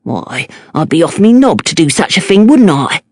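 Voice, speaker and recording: A woman's voice: lowish voice, very animated, moderate pace, a little mellow, no room sound, clean studio sound. A woman voicing an apologetic, fawning male fishmonger with a Cockney accent, mumbling and eager to please in an audiobook. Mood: sheepish.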